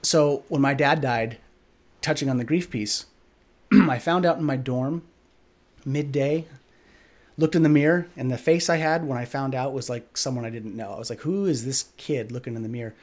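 A male podcast host sharing a personal story in conversation. His voice sits at an ordinary middle pitch for a man. He talks in an earnest, reflective way and leaves his sentences loose with plenty of "like"s. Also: normal speed, darkish tone.

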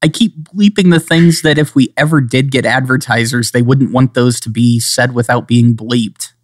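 A man's voice: mid-range voice, normal speed, no echo. A man co-hosting a podcast, chatting casually in a mid-range voice. He rambles and jokes, now and then slipping into playful put-on accents. The sound is dry and close to the mic. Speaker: podcast co-host. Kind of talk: casual chat.

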